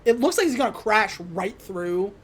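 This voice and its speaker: A woman's voice: mid-range voice, expressive, moderate pace, breathy edge. A young woman hosting a podcast, casually recapping a film with lots of laughter and goofy quoted voices. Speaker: podcast host. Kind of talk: casual movie recap chat.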